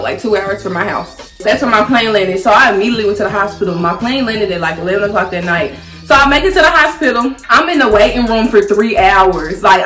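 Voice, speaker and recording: Chatty woman in an echoey room. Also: mid-range voice. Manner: chatty, animated, frequent "like" and "y'all". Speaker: vlogger. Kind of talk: casual storytelling to camera. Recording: echoey room with faint music.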